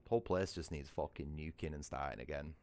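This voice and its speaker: His pitch is extremely low and a little mellow, and he talks fast. He's a British streamer chatting casually on a gaming livestream, rambling, swearing a lot, and often asking "you know what I mean."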